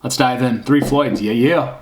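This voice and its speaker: A man's voice: medium pitch, measured pace. A man casually reviewing a beer on camera, rambling and hunting for words with lots of fillers. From Michigan.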